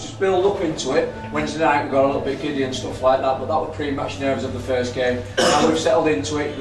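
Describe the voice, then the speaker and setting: A man gives a rugby team a calm, steady pre-match talk at a quick pace. He is recorded from a distance in an echoey locker room. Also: fairly high pitch. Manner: calm, steady instructions to players.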